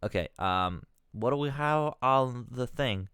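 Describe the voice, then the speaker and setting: A man's voice: mid-range voice, animated, a little slow, fairly bright tone, clear, resonant tone, dry recording, clean studio sound. Profane, exasperated male streamer. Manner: rambling, self-interrupting. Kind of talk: live-stream commentary.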